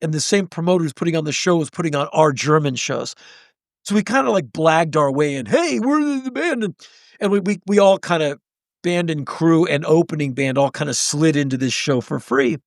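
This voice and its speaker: A man in his sixties tells stories as a podcast guest, sounding lively and acting out each person he mentions. His voice sits high for a man and is gravelly, and it is recorded close and dry. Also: brisk, no room sound. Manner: animated storyteller who acts out the people in his stories. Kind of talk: storytelling in conversation.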